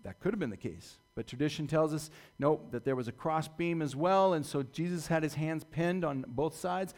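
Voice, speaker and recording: A man preaching a sermon, retelling a story dramatically and swinging from loud to hushed delivery. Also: fairly high pitch, normal speed. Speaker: pastor.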